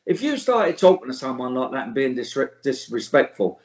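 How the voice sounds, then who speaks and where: Guesting on a casual interview, this middle-aged man from England is blunt, scornful, and sweary, laughing at his own tales. He speaks at normal speed in a medium-pitched, sing-song voice, and the audio is echoey and dull lo-fi.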